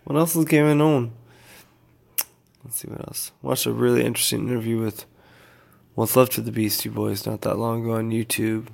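A man's voice: medium pitch, flat delivery, fairly quick, vocal fry, darkish tone. A tired man giving a casual, rambling vlog update to his followers, loose and full of fillers. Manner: laid-back, meandering, filler-heavy. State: tired, yawning. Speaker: vlogger.

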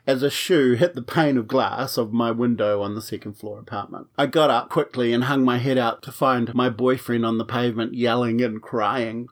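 A man recounts his own romantic misadventures in a frank, wry storytelling voice. He swears freely and plays up the comedy, with a mid-range pitch. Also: normal speed, few pauses. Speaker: podcast storyteller. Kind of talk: comic personal storytelling.

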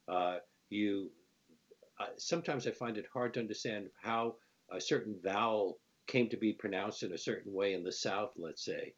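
A man hosting a radio interview, speaking in a measured, reflective way and steering the talk. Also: fairly low pitch. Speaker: radio host. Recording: slightly dull radio sound.

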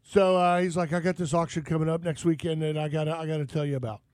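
High-voiced joking radio host man. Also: level tone, fast, darkish tone, no room sound. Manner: loose, joking, rambling with fillers. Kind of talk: casual radio chat.

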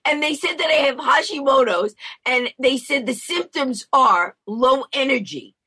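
Fast-talking bubbly woman storyteller. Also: sits high, lively intonation, pushed and bright, slightly rough. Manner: rapid, bubbly storyteller acting out voices. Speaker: guest, motivational speaker and comedian. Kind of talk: storytelling in an interview.

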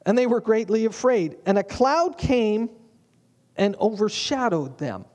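High-voiced, joking male pastor. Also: animated, a little slow, darkish tone. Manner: humorous, conversational. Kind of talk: sermon.

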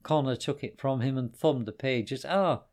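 A man reading a children's story aloud, with expressive storytelling. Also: medium pitch, normal speed. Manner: expressive, varied storyteller delivery.

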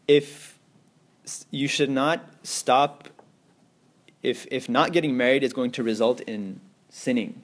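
A man teaching an Islamic lecture to a class, explaining step by step, mixing in Arabic phrases and checking that students follow. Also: mid-range voice. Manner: explains slowly, asks class if they understand; mixes in Arabic terms and phrases.

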